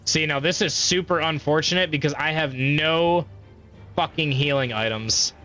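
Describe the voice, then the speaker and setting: Young male streamer, bright voice, profane play-by-play with faint game music behind. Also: on the high side, moderate pace. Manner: profane, trash-talking, mocking enemies. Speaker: gaming streamer. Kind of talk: casual gameplay commentary.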